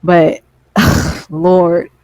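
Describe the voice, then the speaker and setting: A woman's voice: fairly low pitch, little pitch movement, very slow, darkish tone, clear, resonant tone, no room sound. A woman gaming YouTuber in a heated, profane ranting vlog, who keeps repeating lines for emphasis.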